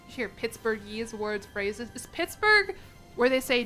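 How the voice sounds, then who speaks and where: A young American woman chatting casually on a stream, animated and quick to laugh as she answers her chat. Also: fairly high pitch, faint music behind. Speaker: vtuber streamer.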